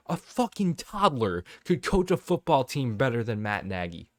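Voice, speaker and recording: A man's voice: mid-range voice, big pitch swings, moderate pace, hardly any pauses, a little mellow, dry recording. A man ranting casually to camera as a sports fan vlogger, exasperated and profane, rambling with frequent restarts.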